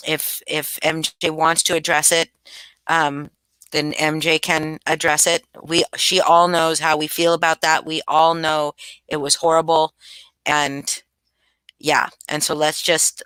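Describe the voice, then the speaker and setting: A woman's voice: deep voice, little pitch movement, measured pace, fairly bright tone, clean tone, dry recording, low-quality recording. A middle-aged woman from the United States hosting a casual livestream, chatting loosely and answering her chat with many restarts. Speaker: livestream host.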